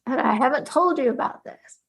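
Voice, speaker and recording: A woman's voice: high voice, expressive, fairly quick, husky. A woman guest recounting a personal story with emotion, laughing often and acting out the conversations she had. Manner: tearful, laughs often, acts out dialogue. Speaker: guest, artist.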